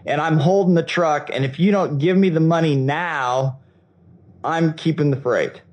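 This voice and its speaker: A man's voice: on the high side, unhurried, a little mellow, natural voice. A man voicing a menacing male trucker who holds a load for ransom, making blunt demands. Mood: threatening.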